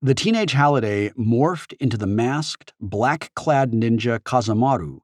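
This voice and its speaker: A man narrating an audiobook in the first person with expressive storytelling. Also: mid-range voice, measured pace, no echo, clean studio sound.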